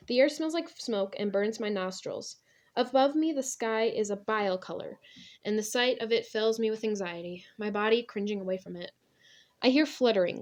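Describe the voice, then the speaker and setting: This is a young woman narrating a first-person audiobook at medium pitch, bringing an intense, dramatic, and expressive delivery.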